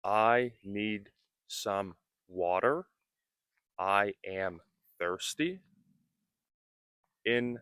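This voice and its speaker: A man teaching English, speaking slowly and deliberately, repeating words and explaining their meanings. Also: lowish voice, fairly bright tone, smooth, no echo, studio quality. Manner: repeats words and defines them, very slow and careful. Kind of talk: slow, deliberate English lesson.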